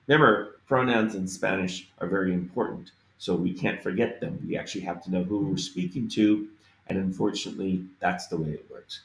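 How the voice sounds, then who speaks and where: A man teaching Spanish phrases, repeating each one slowly and carefully with every letter spoken, in a deliberate lesson manner. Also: lowish voice, animated, creaky, echoey room.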